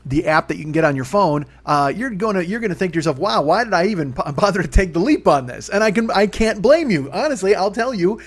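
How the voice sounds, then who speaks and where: Fortysomething guy rambling solo on his podcast, talks fast, kinda high voice, cusses a lot, self-deprecating. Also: expressive. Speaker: podcast host. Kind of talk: solo comedy podcast monologue.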